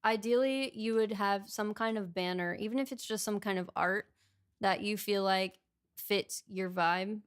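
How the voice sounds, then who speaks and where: A woman speaks in a mid-range voice, relaxed and conversational, as she co-hosts a livestream. She asks questions and walks through practical tips in a friendly, unhurried way, with the odd filler. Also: mid-range voice, smooth. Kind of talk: casual livestream chat.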